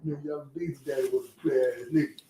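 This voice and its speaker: A man's voice: medium pitch, fast, a little hiss or hum. A man hosting a casual street talk, telling stories with lots of cursing and repeated words. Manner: animated storytelling, repeats words, heavy cursing. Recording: echoey room.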